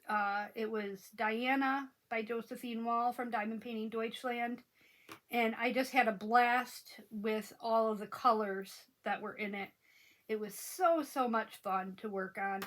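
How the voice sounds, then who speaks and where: A woman's voice: a little high, fairly even intonation, unhurried, fairly bright tone. A woman hosting a crafting channel, chatting casually and rambling with many ums while she works.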